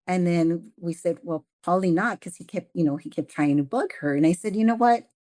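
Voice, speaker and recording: A woman's voice: on the low side, fairly quick, a little mellow. A middle-aged woman, a mother and interview guest, earnestly recounting events and quoting what people said. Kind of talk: casual interview chat.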